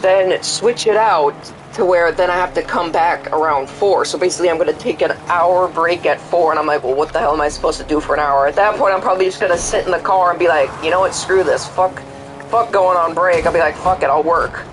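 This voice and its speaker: A young man streaming a game rambles casually in a slightly high voice, talking fairly quickly over a noisy background. He swears a lot and acts out both sides of quoted conversations.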